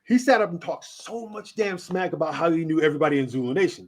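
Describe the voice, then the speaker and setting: Animated, laughing man telling stories. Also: fairly high pitch, fast. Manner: animated, laughing, swearing storyteller. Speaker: radio host being interviewed. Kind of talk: casual storytelling interview.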